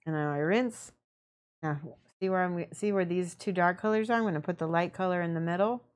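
Young woman, casual painting tutorial, chatty and easygoing, slightly low voice. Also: brisk. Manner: relaxed, chatty, laughs often, answers chat. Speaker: miniature painting streamer.

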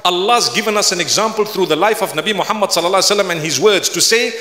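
A man with a high, bright, forceful voice delivers an earnest sermon, pleading with his listeners and rising to fervent near-shouts. His voice rings through a large hall with a long, echoing reverb. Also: quick pace. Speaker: Islamic preacher. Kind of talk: lecture-style sermon.

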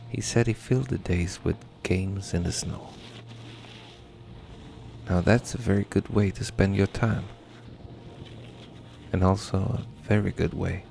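Deep, gravelly male narrator. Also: darkish tone, a little hiss or hum. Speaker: filmmaker and narrator. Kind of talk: scripted documentary narration. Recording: voice-over with music behind.

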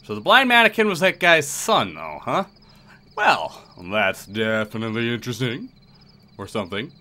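A man's voice: medium pitch, very animated, moderate pace, bright, forceful tone. A man playing a horror game, giving casual commentary with sarcastic, muttered asides. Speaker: let's play gamer.

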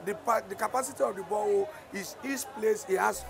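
Man, high voice, gravelly edge, halting on-site briefing, loud music under him. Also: a crowd in the background. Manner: halting, with many restarts. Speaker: community development official.

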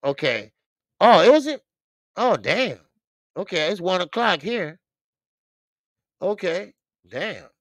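Dude hosting a live stream, slow easy talk, lots of laughs and repeats, dry sound. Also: male voice, high voice, big pitch swings, no echo. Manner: loose, talkative, laughs often, repeats phrases. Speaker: boxing channel host. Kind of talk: casual livestream chat.

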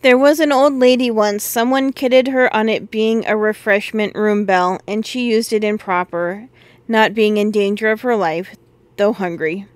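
A woman's voice: mid-range voice, fairly even intonation, normal speed, dry recording, lightly acted. A woman voicing a good-natured, folksy male railway porter who rambles through an anecdote in a storybook reading. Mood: yarning.

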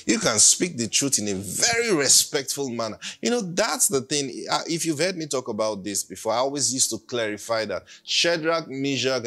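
A man's voice: medium pitch, fairly bright tone. A man preaching an emphatic sermon and leading the congregation in call-and-response. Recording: faint music behind.

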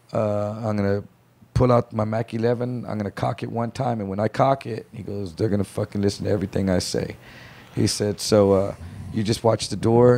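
Gravelly man telling a wild story. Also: on the low side. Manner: animated storyteller acting out others' voices. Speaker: podcast guest. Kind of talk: casual storytelling.

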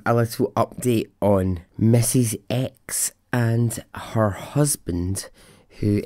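A man's voice: lowish voice, no room sound, studio quality. A Scottish man hosting a storytelling podcast, chatting in an enthusiastic, rambling way with lots of asides. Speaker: podcast host. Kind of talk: casual storytelling podcast chat.

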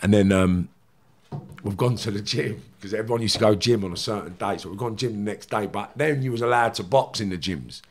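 A man's voice: on the low side, a little fast, slight background noise. A middle-aged man with a London accent, a podcast guest telling stories in casual talk, swearing freely and acting out what other people said. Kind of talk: casual storytelling.

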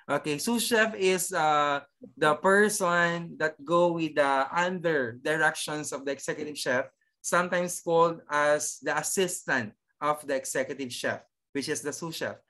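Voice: mid-range voice, bright, forceful tone. Filipino-accented teacher with tag questions. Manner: switches between English and Tagalog, tags sentences with "okay" and "no?"; halting, with many restarts and fillers. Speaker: cookery teacher. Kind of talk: online class lecture.

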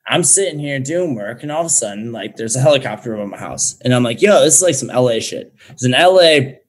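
A man's voice: mid-range voice, expressive, fast. Slangy young man telling a story. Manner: loose and slangy, heavy swearing. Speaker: podcast guest. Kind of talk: casual storytelling.

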